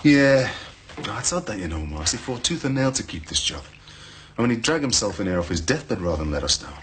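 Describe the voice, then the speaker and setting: An actor playing a thoughtful, kindly co-worker who talks in a musing, warm-hearted way, in a TV soap drama. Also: male voice, fairly low pitch, sing-song, a little fast, slight background noise.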